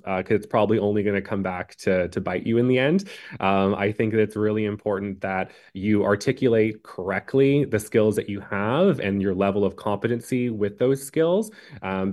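A man answering interview questions about job hunting in a measured way, with frequent ums and uhs. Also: on the low side, darkish tone. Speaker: career advice guest.

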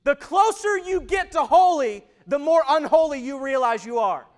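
A man in his thirties preaching a sermon, who moves from loud, emphatic stretches to hushed, intimate ones. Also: very high voice, lively intonation, moderate pace. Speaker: pastor.

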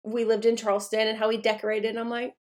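A woman's voice: on the high side, completely flat delivery, fast. A woman co-hosting a podcast, chatting casually, giggly and rambling with lots of "like". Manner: giggly, rambling with many fillers. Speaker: podcast co-host. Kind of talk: casual chat.

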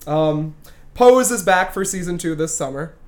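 A man hosting a casual pop culture podcast, chatty and self-mocking, running through TV news with quick asides. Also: on the high side, expressive, a crowd in the background. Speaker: podcast host.

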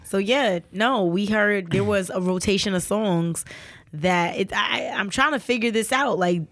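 A woman co-hosting a casual podcast, talking expressively and reacting with quick quips. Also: medium pitch, fairly bright tone, dry recording. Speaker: podcast co-host. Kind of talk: casual chat.

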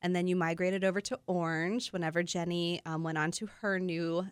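A woman's voice: on the low side, level tone, a little fast, clean tone, dry recording. A woman hosting a radio show in a studio, chatting casually about books and laughing often. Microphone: studio microphone.

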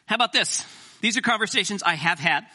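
A middle-aged man preaching a sermon as pastor, animated and joking with the congregation. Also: sits high, fast.

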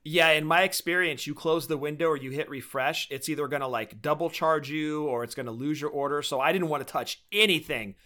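Casting: male podcast co-host, bright and forceful tone, fairly high voice, eager. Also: fairly quick, few pauses. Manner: enthusiastic collector talk. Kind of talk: casual chat.

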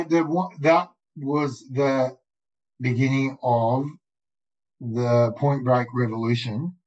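An Australian man telling rambling, profane skydiving stories in casual, animated talk, full of "mate" and "dude". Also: medium pitch. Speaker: guest, skydiver. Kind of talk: casual storytelling. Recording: muffled lo-fi audio.

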